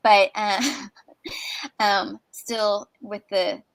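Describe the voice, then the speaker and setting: A woman's voice: medium pitch, little pitch movement, extremely slow, no echo, low-quality recording. A woman co-hosting a podcast, explaining at length in casual conversation, with many fillers and restarts. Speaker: podcast co-host.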